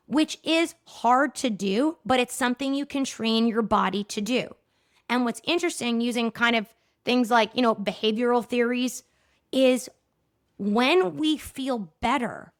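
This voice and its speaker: A woman in her thirties hosting a solo podcast, chatty and self-deprecating, often checking in with "okay?". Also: a little high. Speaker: podcast host. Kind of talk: casual solo podcast talk.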